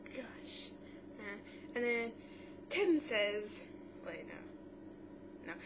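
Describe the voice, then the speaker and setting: A woman with a fairly high voice talks through a TV episode as she co-hosts a casual podcast. She quotes each line in turn and often stops to restart. A steady hiss of noise sits under her voice throughout. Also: extremely slow. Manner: retells scenes quote by quote, with frequent restarts. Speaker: co-host of a mother-daughter podcast. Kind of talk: casual chat recapping a TV episode.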